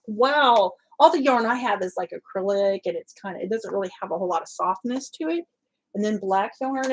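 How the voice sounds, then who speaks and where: A woman's voice: on the high side, normal speed, husky, poor audio. Gushing, tearful woman crafter. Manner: gushing, excitable, exclamatory. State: tearful, choked up. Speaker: crafting channel host. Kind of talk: casual vlog unboxing chat.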